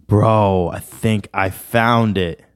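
A man's voice: lowish voice, fairly even intonation, slow pace, smooth. A man hosting a podcast in a casual, rambling, slangy chat. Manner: rambling, laid-back, slangy. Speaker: podcast host.

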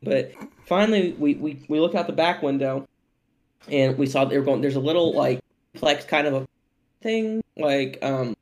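Animated young man telling a podcast story. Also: fairly high pitch, normal speed. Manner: animated, profane, laughing storyteller. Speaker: podcast co-host.

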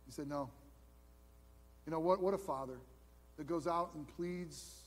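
A man with a high voice preaching a sermon with animated energy, rising to loud exclamations and dropping to hushed asides. His voice carries a long reverb from a church sanctuary. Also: normal speed. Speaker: pastor.

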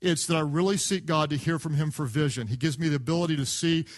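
A man preaching a sermon, an animated storyteller who acts out the voices of the people in his stories. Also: on the high side, fast talker. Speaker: pastor. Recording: sermon clip played from archive.

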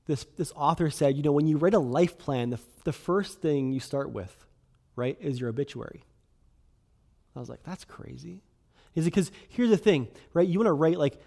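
A man's voice: a little high, warm tone. A man in his thirties preaching a sermon as a pastor, in a conversational way, often asking "right?" and saying "like".

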